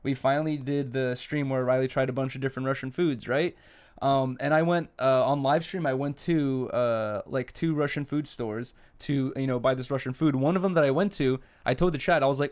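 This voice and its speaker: A young man talks loosely on a casual podcast, drifting from story to story in a relaxed ramble. He swears often and keeps an easygoing, mid-range voice throughout. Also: medium pitch, fairly quick. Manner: rambling, laid-back, swears a lot. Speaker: podcast co-host. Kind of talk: casual chat.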